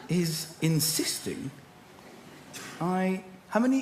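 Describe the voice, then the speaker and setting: A man hosting a comedy show in front of a live audience, playful and excitable. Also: a little high, a little slow, slight background noise. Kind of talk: live stand-up banter with audience. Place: TV studio before a live audience. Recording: echoey studio with loud crowd laughter. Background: audience laughter and applause.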